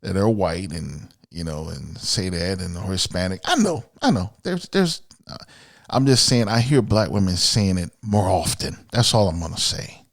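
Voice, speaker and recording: Gravelly, blunt-talking man from Miami. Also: low-pitched, big pitch swings, moderate pace, no echo, clean studio sound. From Miami, USA. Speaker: podcast host. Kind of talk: opinionated solo podcast monologue.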